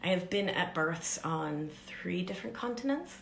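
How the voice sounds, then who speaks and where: A woman life coach giving a gentle, soothing teaching talk on a live stream, often dropping into soft whispers. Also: on the low side, animated, moderate pace, vocal fry, echoey room, a little hiss or hum.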